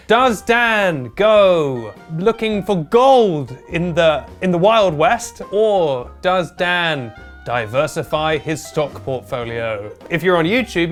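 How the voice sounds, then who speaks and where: A man hosting a comic news show in a dry, deadpan, mock-serious way. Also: fairly high pitch. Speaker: host. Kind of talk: comedic news commentary.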